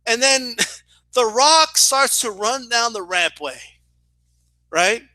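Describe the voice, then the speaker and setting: A young man telling a story in a casual, animated way, swearing and often asking "right?". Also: very high-pitched, slow, dry recording. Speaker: boxing and wrestling commentator.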